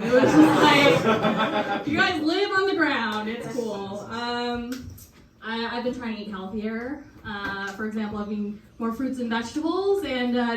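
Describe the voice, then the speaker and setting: A young woman performing a deadpan stand-up set, laughing at her own jokes. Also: fairly high pitch, slight background noise. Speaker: stand-up comic. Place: basement comedy show. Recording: echoey basement, far from mic, crowd. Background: audience laughter.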